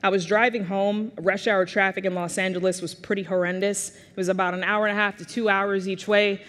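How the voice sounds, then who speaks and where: A woman in her thirties giving a humorous, self-mocking personal talk as a keynote speaker, with animated delivery and comic timing. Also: mid-range voice, a little fast, long reverb tail. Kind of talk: humorous personal storytelling speech.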